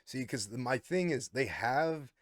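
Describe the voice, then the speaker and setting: A man's voice: medium pitch, expressive, unhurried, no room sound, clean studio sound. A man hosting a podcast, asking rambling questions in casual talk with swearing. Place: podcast studio.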